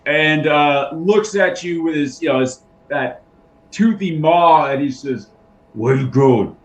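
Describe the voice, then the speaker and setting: A man's voice: on the high side, unhurried, echoey room, lo-fi sound. A man narrating a tabletop game as game master, loose and casual with fillers.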